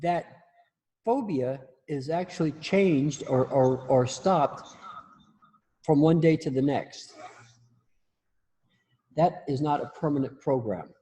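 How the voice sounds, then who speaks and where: A man's voice: fairly high pitch, takes it slowly, pauses often, mellow, slightly rough. A man teaching a class in a casual spoken style, often repeating and restarting his words, with blunt, salty humor. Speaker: instructor.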